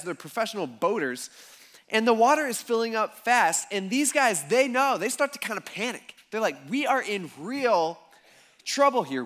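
A man's voice: on the high side, sharp tone. A man in his thirties preaching as a pastor, telling stories in a chatty, self-deprecating way and acting out what people said. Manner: chatty, self-deprecating, acts out quoted voices. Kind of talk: casual storytelling sermon.

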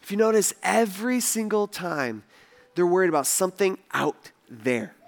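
A male pastor preaching a sermon in an animated way, acting out the voices he quotes and swinging between loud and soft. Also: high voice, moderate pace, vocal fry.

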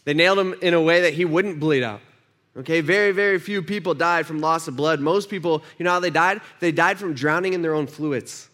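A man's voice: on the high side, a little fast, fairly bright tone. A man preaching a conversational sermon, acting out the voices he quotes. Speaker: pastor.

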